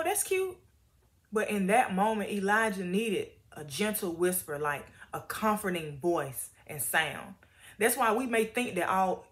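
Chatty woman reading Bible stories. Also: mid-range voice. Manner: animated, chatty, laughs often. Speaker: Bible story teacher. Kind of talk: Bible reading and casual commentary.

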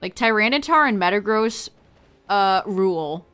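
A woman live-streaming, talking to her chat in an unhurried, casual way. She laughs often as she chats. Faint music plays quietly behind her voice. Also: mid-range voice, animated, smooth.

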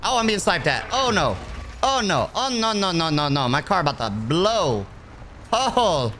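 Male game streamer, excitable, yells and pleads over voice chat; slightly high voice, noisy mix. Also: normal speed. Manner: excitable, yelling and pleading at strangers. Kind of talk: gameplay commentary in voice chat. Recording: game sounds and chatter behind the voice.

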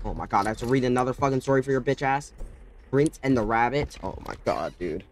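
A man's voice: expressive, fast talker, slight background noise. Cursing young man gaming. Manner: mutters low, then bursts into screaming cursed threats. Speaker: gaming channel host. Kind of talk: profane let's-play commentary.

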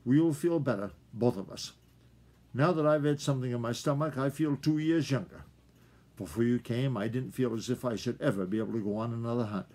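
A man's voice: medium pitch, fairly quick, lightly acted. An old man voicing a wise old granny fox. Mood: grateful, weary. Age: older. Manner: soft and gentle, turning stern. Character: old, shrewd, hungry female fox, stern but tender.

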